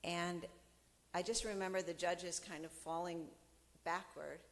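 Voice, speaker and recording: A middle-aged woman from the United States giving a storytelling talk, animated and acting out the people she quotes. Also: fairly low pitch, a little slow, big-room sound. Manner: animated storyteller who acts out quoted voices. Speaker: speaker.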